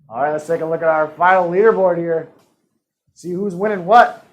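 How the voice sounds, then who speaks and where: A man's voice: a little high, lo-fi sound. A man hosting a live-streamed trivia game in a casual, joking manner. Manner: upbeat, joking asides and quick laughs. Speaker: trivia host.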